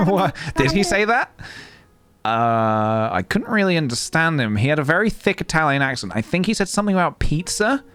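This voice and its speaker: A man's voice: on the high side, sing-song, moderate pace, fairly bright tone. Rambling man on a casual game stream. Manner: rambling, hesitant, many ums and restarts. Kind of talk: casual gameplay stream chat. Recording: game music playing behind.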